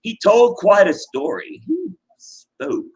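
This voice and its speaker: A man's voice: high voice, wildly swooping pitch, slow, rough recording. Theatrical man reading a rhyming tale. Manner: theatrical, sing-song rhyming delivery. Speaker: reader.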